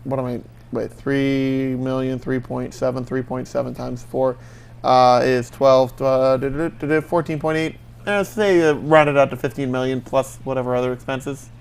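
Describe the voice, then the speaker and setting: A man's voice: medium pitch, fairly even intonation, moderate pace, gravelly, clean tone. A man co-hosting a casual show, reading entertainment headlines aloud and stumbling through mental math. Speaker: news-reading co-host. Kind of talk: casual entertainment news chat.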